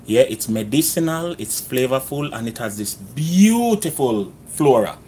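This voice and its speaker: A man's voice: medium pitch, sing-song, measured pace, a little mellow, a little hiss or hum. A middle-aged Jamaican man chatting casually through a home cooking vlog in his kitchen, slipping into patois phrasing. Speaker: cooking vlogger.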